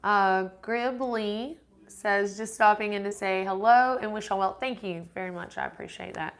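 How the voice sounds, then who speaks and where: A woman with a medium-pitched voice talks at a normal speed while hosting a casual live-stream Q&A. She reads viewer comments aloud and answers them in a rambling, chatty way, restarting often.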